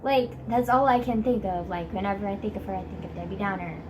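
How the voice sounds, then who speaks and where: A woman's voice: mid-range voice, steady tone, fast talker, very noisy. A teenage girl vlogging casually about school from her bed, rambling and dramatic with many fillers. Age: teens. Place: bedroom, sitting on a bed.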